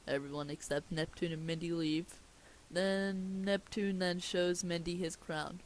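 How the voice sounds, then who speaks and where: A woman's voice: on the low side, fairly even intonation, unhurried, slight background noise, low-quality recording. A young woman casually reading a cartoon script aloud, breaking into giggles and chatty asides. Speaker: script reader.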